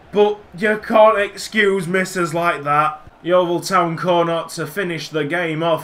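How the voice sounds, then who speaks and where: A young man narrates his football video game with a lively voice that swings up and down. He talks at an unhurried pace in a bright tone, and he gets excitable and shouts at the match. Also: high voice. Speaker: YouTube gamer.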